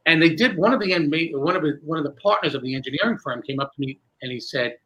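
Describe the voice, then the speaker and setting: A man, a magician, telling animated stories in conversation and building suspense as he goes. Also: on the high side, quick pace, muffled recording. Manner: lively, building suspense with self-interruptions. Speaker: magician recalling a fellow performer.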